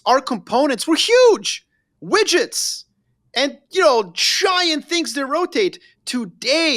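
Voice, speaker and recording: A man from Yugoslavia who is a guest on a podcast, telling stories with emphasis and sometimes speaking straight to the listener. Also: very high-pitched. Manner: animated, emphatic storyteller who addresses the listener directly. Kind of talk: casual conversation.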